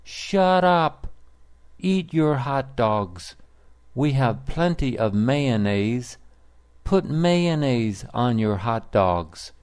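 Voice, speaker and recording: A man's voice: mid-range voice, animated, extremely slow, a little mellow, clear, resonant tone, no echo. A man voicing a curt, dismissive male prison cook.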